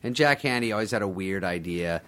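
A man's voice: deep voice, animated, fairly quick, a bit bright, clear, resonant tone. A man, a guest comedian, telling stories in a casual chat, laughing often and acting out the people he quotes.

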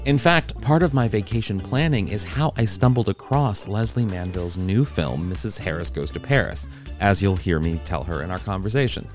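A man's voice: lowish voice, lively intonation, moderate pace. A man hosting a pop culture podcast, chatty, playful and gushing as he sets up the episode. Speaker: podcast host. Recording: music bed under voice. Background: background music.

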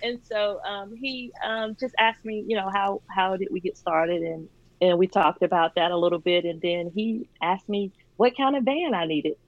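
A woman's voice: mid-range voice, normal speed, dry recording, muffled recording. A woman guest telling her story in a casual interview, laughing often and using many fillers. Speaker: charity founder, guest.

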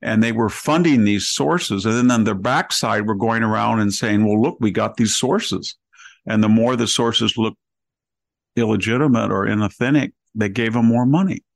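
A man hosting a political podcast who piles up grievances in a sarcastic, rapid-fire way, recorded close on a studio mic. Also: fairly low pitch, gravelly, no echo, poor audio. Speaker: podcast host. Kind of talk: political commentary conversation.

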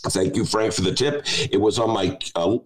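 A man's voice: lowish voice, moderate pace, rough recording. A man hosting a casual talk show from his apartment, wry, chatty and opinionated. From Chicago. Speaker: podcast host. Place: home apartment.

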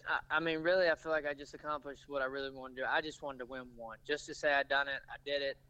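A man's voice: mid-range voice, steady tone, fast, bright, forceful tone, dull audio. A man, a race driver guest telling stories in a laid-back, casual way. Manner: laid-back storytelling with laughs. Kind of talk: casual interview chat.

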